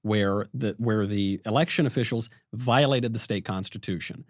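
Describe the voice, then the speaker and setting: A man co-hosting a political podcast who lays out an argument step by step in an animated way. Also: fairly low pitch, moderate pace, dry recording, clean studio sound. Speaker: podcast co-host. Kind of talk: casual political talk.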